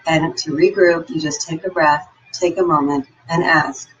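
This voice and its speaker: A woman's voice: sits low, steady tone, moderate pace, lo-fi sound, slight background noise. A woman giving an upbeat, encouraging motivational talk and telling personal stories. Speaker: motivational speaker.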